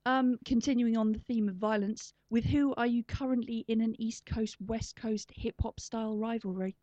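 Woman, interviewer, playful teasing questions, mellow voice, dry muffled recording. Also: fairly high pitch, steady tone, moderate pace, no echo.

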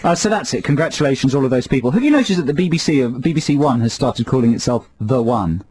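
A man's voice: medium pitch, expressive, fast, a little mellow, poor audio. A man co-hosting a radio show, chatting drily and reading out listener texts. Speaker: radio co-host. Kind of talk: casual radio chat.

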